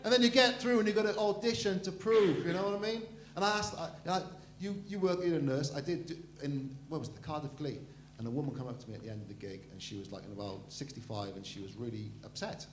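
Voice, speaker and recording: A man's voice: on the high side, fast, slight background noise. A middle-aged man hosting a stand-up comedy night, joking crudely and bantering with the crowd. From Wales. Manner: cheeky, crude banter with the audience. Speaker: comedy host. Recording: echoey room.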